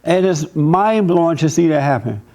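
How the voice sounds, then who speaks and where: Gravelly man preaching in church. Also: on the high side, normal speed. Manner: storytelling, animated, preachy. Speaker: pastor. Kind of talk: church talk.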